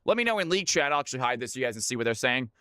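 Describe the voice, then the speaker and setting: A man hosting viewer games on a live stream, talking excitedly and chatting with his audience. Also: mid-range voice, rapid-fire, clear, resonant tone, no room sound, studio quality.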